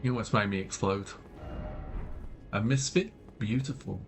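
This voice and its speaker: A British man with a slightly scratchy throat, giving low-key, casual live commentary while playing a game, often muttering to himself. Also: normal speed, over music. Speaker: game streamer.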